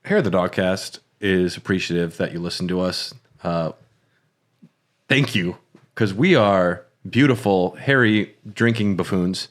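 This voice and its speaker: A man's voice: sits low, a little slow. A man hosting a podcast, winging the closing reads in casual, laughing chat. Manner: laughing, wings the outro reads. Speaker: podcast host. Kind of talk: casual chat and show outro.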